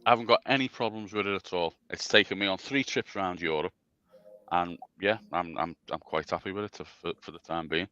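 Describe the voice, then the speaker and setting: Deep-voiced man chatting casually about bikes. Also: fairly quick, sharp tone, no echo, highs cut off. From England. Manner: rambling, self-deprecating, stammering restarts. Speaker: special guest. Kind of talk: casual chat on a livestream.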